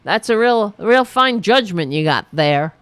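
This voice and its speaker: Sarcastic lady podcaster cussing out politicians, unhurried, dry close sound. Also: mid-range voice, lively intonation, a bit bright, dry recording. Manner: sarcastic, profane, mocking. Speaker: podcast host. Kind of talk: political commentary rant.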